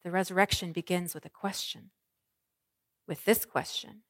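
A woman pastor preaching an Easter sermon, moving from hushed, soft lines to ringing proclamations. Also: lowish voice, normal speed, pauses often, dry recording, studio quality.

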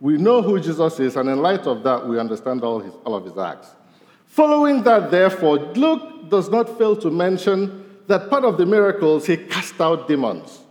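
A man preaching a sermon as pastor, his voice rising to stress points and falling low at the end of each. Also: moderate pace. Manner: animated, voice rising for emphasis and dropping low at ends of points. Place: church sanctuary. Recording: long reverb of a large hall.

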